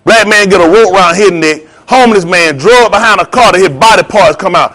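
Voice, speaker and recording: A man delivering a heated, preachy monologue in slangy street talk, swinging between loud jabs and low asides. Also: a little fast. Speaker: vlogger. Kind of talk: ranting commentary monologue.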